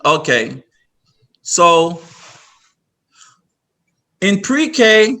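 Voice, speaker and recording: A man leads a virtual workshop over a video call. His voice sits a little high and rings bright. He explains step by step, repeating himself and restarting his sentences often. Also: big pitch swings, drawn-out words. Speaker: workshop presenter.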